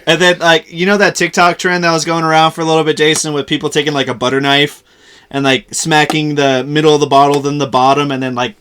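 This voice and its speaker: A man's voice: a little high, level tone, fast talker, a bit bright, clear, resonant tone. A young man co-hosting a podcast, telling anecdotes in a laid-back way and chuckling often. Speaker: podcast co-host. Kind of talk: casual chat.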